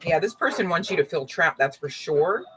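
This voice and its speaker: A woman's voice: fairly low pitch, lively intonation, moderate pace, low-quality recording. A woman doing a casual live-stream tarot reading, chatty and full of "right?" and "okay?" asides, with dogs barking now and then. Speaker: tarot reader.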